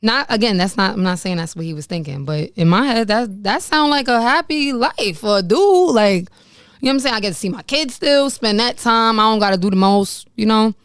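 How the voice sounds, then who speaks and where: A pregnant woman in her late twenties tells her life story straight to the camera in a candid storytime monologue, blunt and chatty, cursing freely and laughing at herself. Her medium-pitched voice is expressive, brisk and clear with a resonant tone. The recording is dry, with clean studio sound.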